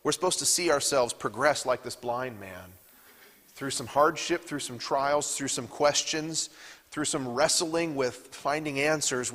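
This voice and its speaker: A man's voice: medium pitch, fairly bright tone, in a large hall. Man teaching a Bible class. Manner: reads scripture aloud and asks the class questions. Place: church classroom.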